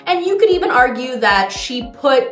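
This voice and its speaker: A woman's voice: high voice, big pitch swings, moderate pace, roomy sound, faint music behind. A young adult woman hosting a podcast, giving a chatty, sarcastic TV recap full of "like" and "you know.". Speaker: podcast host. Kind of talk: casual TV recap commentary.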